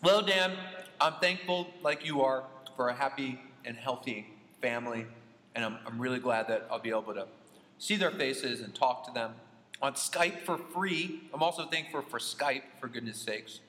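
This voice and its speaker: A man's voice: mid-range voice, moderate pace, fairly bright tone. A man co-hosting a podcast, chatting casually in an upbeat, friendly way. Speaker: podcast co-host. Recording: echoey room with long reverb, faint ambience.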